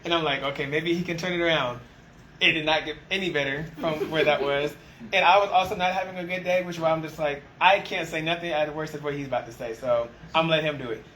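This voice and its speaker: A man who leads a restaurant team, chatting casually and acting out the exchanges in his stories with lively energy. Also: fairly high pitch, fast, a little hiss or hum, low-quality recording. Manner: animated storyteller, acts out quoted exchanges. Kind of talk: casual conversation.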